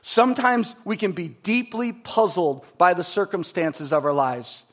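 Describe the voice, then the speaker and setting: A man with a notably high voice for a man, preaching a sermon. He shifts from steady teaching to fervent, emphatic preaching and often poses rhetorical questions to the congregation. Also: measured pace. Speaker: pastor.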